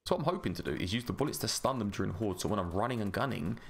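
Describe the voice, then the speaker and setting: A man's voice: lowish voice, animated, racing, gravelly, a little hiss or hum. A man hosting a gaming channel, chatting through gameplay in a rambling, self-mocking way. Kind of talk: casual gameplay commentary.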